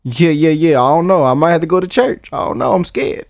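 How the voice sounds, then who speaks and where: Gravelly playful American man reacting. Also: fairly high pitch, animated, fairly quick, no echo, studio quality. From United States. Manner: playful, laughing, repeats himself, mock-scared. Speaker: reaction video host. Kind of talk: casual reaction commentary.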